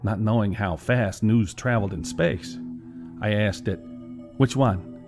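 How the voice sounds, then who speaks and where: A low-voiced man tells a first-person story with wry, deadpan delivery. Faint music plays under his reading. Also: measured pace, gravelly. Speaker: narrator. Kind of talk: scripted first-person narration.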